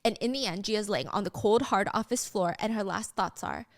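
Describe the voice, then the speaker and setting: A woman hosting a podcast, retelling a drama episode in a casual, dramatic, animated way. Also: medium pitch, moderate pace. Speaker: podcast host.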